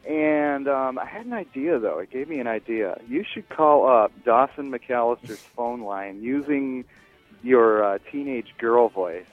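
A man's voice: lively intonation, measured pace, soft background music. A male caller comes through a thin, tinny phone line. He pushes his idea eagerly and talks in a casual tone. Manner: eager, pushy pitching of an idea. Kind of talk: voicemail message.

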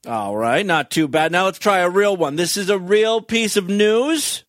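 A man hosting a comedy show, making dry sarcastic asides with filler pauses. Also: sits high, expressive, no echo. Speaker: comedy podcast host. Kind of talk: deadpan comedic monologue.

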